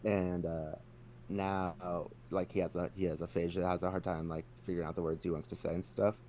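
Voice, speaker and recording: A man co-hosting a podcast, telling stories in a relaxed, unhurried way. He laughs a lot and slips into other voices when he quotes people. His voice sits a little low, with faint noise underneath. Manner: laid-back storyteller, laughs often, slips into voices when quoting. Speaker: podcast co-host. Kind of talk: casual chat.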